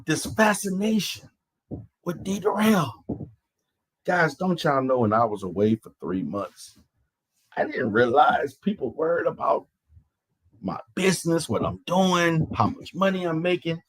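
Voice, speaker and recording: A man's voice: on the high side, expressive, a little slow, a little hiss or hum. A man hosting an online panel, ranting in a mocking, profane way, stammering and repeating his phrases. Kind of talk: heated live-stream rant.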